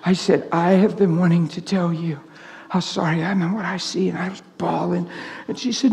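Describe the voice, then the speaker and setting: A man's voice: high voice, fairly quick, vocal fry. A middle-aged man preaching a sermon in a church, telling stories and acting out the people in them. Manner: animated storytelling, acts out quotes. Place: church hall. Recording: long echoing church reverb.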